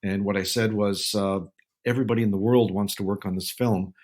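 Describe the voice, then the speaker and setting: Low-voiced older man telling stories. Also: steady tone, a little mellow. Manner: unhurried anecdotes, acting out quoted people in his telling. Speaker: guest, naval film consultant. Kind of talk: relaxed interview storytelling.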